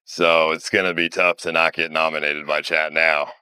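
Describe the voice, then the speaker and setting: A man with a low voice and a bright, forceful tone announces results and gives blunt opinions. His voice is smooth and crisp, recorded dry and close. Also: flat delivery, moderate pace, no room sound. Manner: blunt, offhand. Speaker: show host. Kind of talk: casual stream talk.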